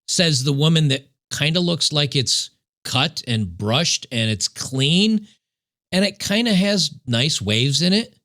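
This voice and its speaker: A man's voice: on the high side, animated, takes it slowly, pushed and bright. A man hosting a reaction commentary show, talking in a sarcastic, mocking way. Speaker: commentary host.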